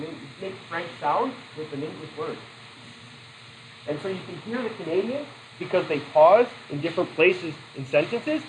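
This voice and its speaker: Over slight background noise on a low-quality recording, a high-pitched man teaches psychology. He lectures conversationally and loosely, posing questions to students, correcting himself and adding offhand asides.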